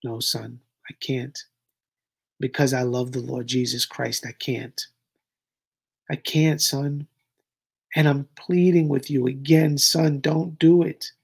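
A man's voice: medium pitch, fairly even intonation, takes it slowly, gravelly, long pauses, slightly rough, voice pushed down, heavily acted. A man acting as a grave father pleading with his son.

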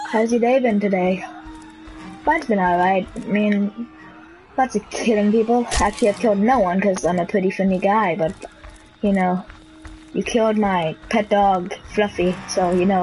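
A woman's voice: medium pitch, a little mellow, low-quality recording. A woman streaming a game live, chatting playfully and teasing other players as she plays. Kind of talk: live gameplay commentary. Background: game music.

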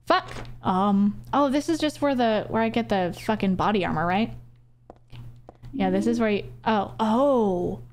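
A woman's voice: mid-range voice, a little slow, darkish tone. A woman streamer casually chatting through a horror game, talking to her viewers and swearing freely. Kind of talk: casual live gameplay commentary with swearing.

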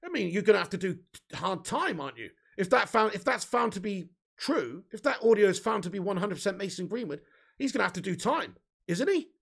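Gravelly, high-voiced English man chatting live. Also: big pitch swings, a little fast, fairly bright tone. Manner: chatty, reads viewer comments aloud, swears casually. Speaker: livestream host reading chat. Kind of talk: casual live chat.

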